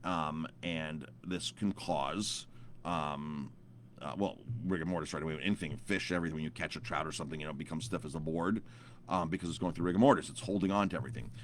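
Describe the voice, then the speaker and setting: A deep-voiced man in his thirties, a chef, tells a long story to camera in a loose, rambling way. He often stumbles over repeated words and fillers as he goes. A faint hum of room sound sits behind him. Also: fast talker.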